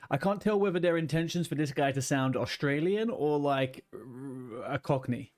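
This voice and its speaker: A man's voice: medium pitch, animated, moderate pace, few pauses, a little mellow. A male streamer chatting casually while he plays, joking and rambling as he reads game text aloud. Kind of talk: casual gameplay chat.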